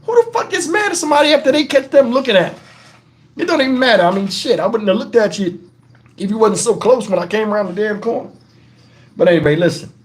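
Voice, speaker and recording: A man's voice: high voice, fast. Rambling, profane storyteller man. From Texas, USA. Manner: animated, profane, rambling with many asides. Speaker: channel host. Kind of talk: casual storytelling to camera.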